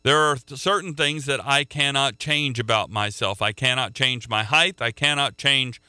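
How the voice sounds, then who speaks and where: A man's voice: mid-range voice, moderate pace, pushed and bright, clean tone, no echo. A man preaching a sermon in an earnest way, often repeating words as he restarts a thought.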